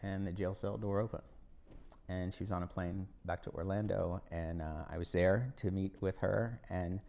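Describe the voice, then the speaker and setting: A man's voice: sits low, fairly even intonation, normal speed, vocal fry, mellow, highs cut off. A man, a former politician, telling folksy anecdotes on stage and giving advice to students. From United States. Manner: folksy anecdotal storytelling with acted quotes. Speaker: guest speaker, former congressman. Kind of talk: storytelling talk on stage. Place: university event hall.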